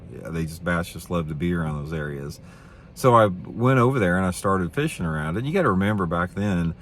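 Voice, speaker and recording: A middle-aged man, a professional bass angler, telling a story to camera in a rambling, blunt, opinionated way, repeating his words. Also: a little hiss or hum.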